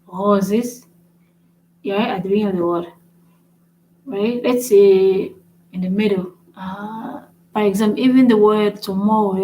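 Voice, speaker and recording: A woman's voice: mid-range voice, slight background noise, low-quality recording. Chatty woman teaching in a casual livestream. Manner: chatty, repeats example words, keeps asking "right?". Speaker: language learning channel host. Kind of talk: casual live-streamed lesson.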